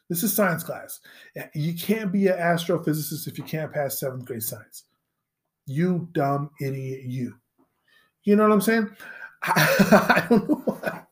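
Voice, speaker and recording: A young adult man hosting a solo podcast, ranting in a profane, sarcastic, rambling way, tagging lines with "right?" and "you know?", and dropping into low mock voices when he quotes people. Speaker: podcast host. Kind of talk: solo comedic podcast rant.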